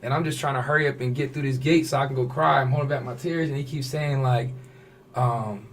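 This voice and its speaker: Man, guest storyteller, casual slang, acts out quotes, mid-pitched voice, faint background hiss. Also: fairly even intonation, brisk. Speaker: fashion designer, podcast guest.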